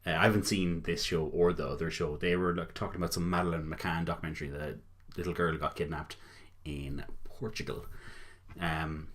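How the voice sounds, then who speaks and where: A young man with an Irish accent chats loosely over a clip, low and husky in tone. He rambles, laughs often and drops a casual swear now and then. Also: fairly even intonation, normal speed. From Ireland. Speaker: reaction video host. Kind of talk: casual reaction commentary.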